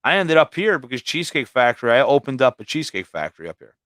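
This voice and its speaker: A man's voice: medium pitch, sing-song, quick pace, fairly bright tone, no room sound. Man telling rambling profane stories. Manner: rambling, heavily profane storytelling. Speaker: livestream guest. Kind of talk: casual storytelling.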